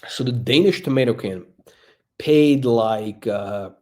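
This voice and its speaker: A man's voice: medium pitch, takes it slowly. A male watch channel host giving blunt, crude, rambling off-the-cuff commentary.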